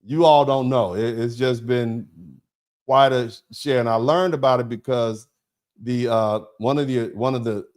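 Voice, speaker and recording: A male livestream host, a lawyer, reads chat aloud and thanks viewers in a conversational, emphatic style, frequently asking "you see what I'm saying." His voice is mid-pitched and darkish with fairly even intonation, and he often stops and restarts.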